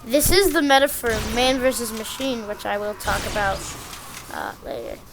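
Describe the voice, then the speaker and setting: A woman's voice: fairly high pitch, moderate pace, vocal fry. Rambling woman narrating gameplay, noisy. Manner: rambling, self-deprecating, easily excited. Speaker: game guide presenter. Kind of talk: casual gameplay commentary.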